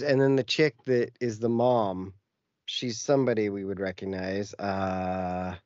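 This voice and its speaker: A man's voice: mid-range voice, darkish tone, dry recording. Man, podcast co-host, casual rambling chat, many ums and likes, dry close sound, dull lo-fi audio. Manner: rambling storytelling with many fillers.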